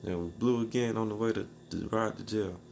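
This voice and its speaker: A man tells a story in a loose, rambling way, piling up slang and restarting his sentences. His voice sits low and has a gravelly, creaky edge. A faint hiss runs under it. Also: fairly even intonation, fairly quick, darkish tone. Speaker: beatmaker telling a personal story. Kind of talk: casual storytelling.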